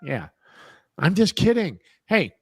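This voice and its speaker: A man's voice: high voice, wildly swooping pitch, slow, a bit bright, slight background noise. A man co-hosting a casual chat, teasing the others and telling stories on tangents. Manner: teasing, storytelling, goes off on tangents.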